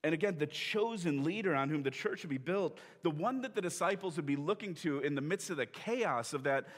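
A man's voice: fairly high pitch, lively intonation, brisk, long reverb tail. A man preaching a sermon as pastor, telling the story conversationally and acting out the quoted lines. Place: church sanctuary.

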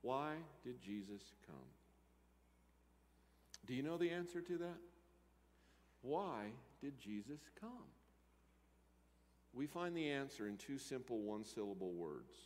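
A man preaching a sermon, moving between loud emphatic lines and quiet asides. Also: medium pitch, big pitch swings, a little slow, long pauses. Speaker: pastor. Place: church sanctuary. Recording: church hall reverb.

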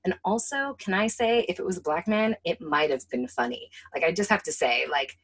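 A woman co-hosting a casual film chat, animated and profane, often acting out lines. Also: fairly low pitch, a little fast, husky. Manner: animated and profane, acts out quotes. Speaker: podcast co-host.

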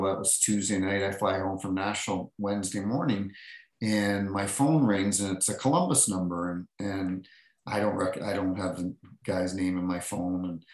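A middle-aged man, a former hockey referee, telling animated stories as a podcast guest and acting out what people said. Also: fairly low pitch, echoey room, poor audio. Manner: animated anecdotes, acting out quotes, many restarts. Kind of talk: casual storytelling.

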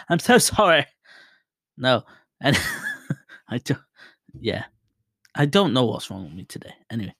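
A man's voice: mid-range voice, no room sound, clean studio sound. Rambling man in his thirties podcasting. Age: 30s. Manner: rambling, self-deprecating, bursts of loud excitement. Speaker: podcast host. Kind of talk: casual solo podcast chat. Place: home room, alone. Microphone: desk mic set to far mode, about a foot away.

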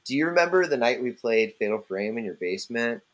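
Male podcast host, bright tone, mid pitch, rambling jokey banter. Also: animated, fast talker, rough recording. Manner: rambling, jokey, swearing freely. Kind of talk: casual chat among friends.

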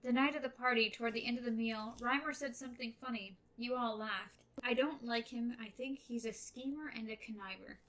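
A woman voicing an earnest young man in love, speaking in a low, steady way while reading a novel aloud. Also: a little fast, few pauses, close to an everyday voice, poor audio.

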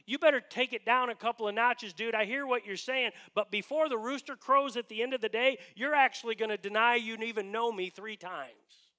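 Brief: frank, casual male teacher, high bright voice, voiced by a pastor. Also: brisk, hardly any pauses.

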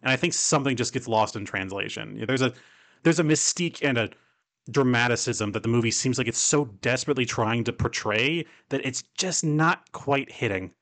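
A man's voice: mid-range voice, a little fast, a bit bright. Rambling casual man talking movies. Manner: rambling, heavy on "like", swears casually. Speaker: podcast co-host. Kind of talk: casual film discussion.

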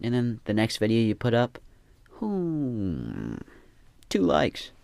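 A man's voice: medium pitch, moderate pace, creaky, a little mellow, clear, resonant tone, dry recording. A young man ranting in a casual, profane, rambling way, often repeating himself. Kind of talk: casual rant.

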